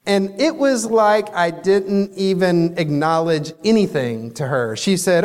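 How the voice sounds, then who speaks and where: A man delivers a motivational keynote as a company leader. He tells the story in an animated way and acts out the dialogue, in a voice a little higher than most men's. The sound carries a long hall echo. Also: normal speed. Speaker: company CEO giving a keynote. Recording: echoey hall reverb.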